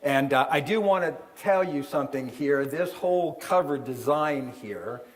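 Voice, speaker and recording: A man's voice: a little high, animated, a little slow. A middle-aged man, an author and seminar speaker, telling a story to a live audience and acting out the voices in it. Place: event hall with an audience.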